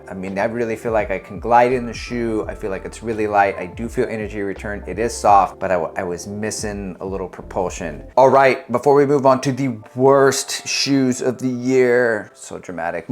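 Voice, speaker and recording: A middle-aged man vlogging about running, talking casually and joking at his own expense, with fillers and restarts. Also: lowish voice. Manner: jokey, self-mocking, chatty with fillers and restarts. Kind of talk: casual chat to camera.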